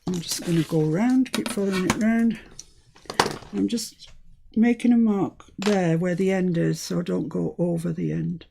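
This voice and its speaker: Gravelly, low-voiced woman crafter. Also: steady tone, normal speed, background noise. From United Kingdom. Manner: chatty, talks herself through each step. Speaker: crafting channel host. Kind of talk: live crafting demonstration.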